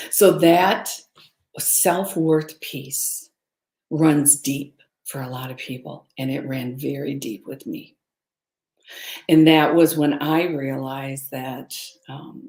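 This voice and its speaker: A woman's voice: low voice, darkish tone, echoey room. A middle-aged woman candidly telling a personal story as a webinar guest, with hesitant fillers. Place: room, recorded for a webinar.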